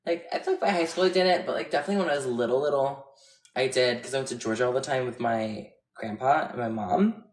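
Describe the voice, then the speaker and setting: A woman's voice: a bass voice, fast. A chatty, giggly woman in her twenties from Florida with a general American accent, livestreaming casually to viewers from home with playful swearing. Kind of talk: casual chat with live viewers. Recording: echoey room with loud noise.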